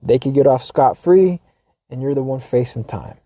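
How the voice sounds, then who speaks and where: Man, American accent, podcast host, very dark mellow tone, dry close mic, wry profane monologue. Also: mid-range voice, normal speed, no room sound. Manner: wry and profane, with repeated restarts and quote-unquote asides. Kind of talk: casual monologue reading a forum post.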